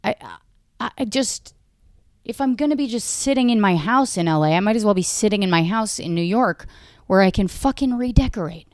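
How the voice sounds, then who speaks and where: A woman's voice: medium pitch, animated, fairly quick, dry recording, studio quality. A woman hosting a comedy podcast, rambling through a profane, self-deprecating monologue.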